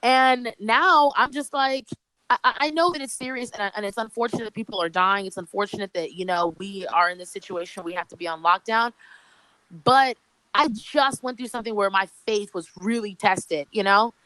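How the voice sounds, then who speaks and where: A woman comedian, a podcast guest speaking by phone, telling a story in an animated way with many restarts. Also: mid-range voice, normal speed, dry recording, poor audio. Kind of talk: casual chat.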